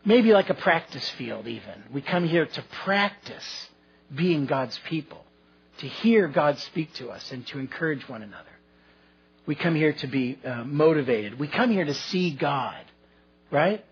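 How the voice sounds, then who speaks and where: A man's voice: on the high side, expressive, unhurried, vocal fry, husky, dull audio. A man preaching a sermon as pastor, telling folksy stories with self-deprecating humor.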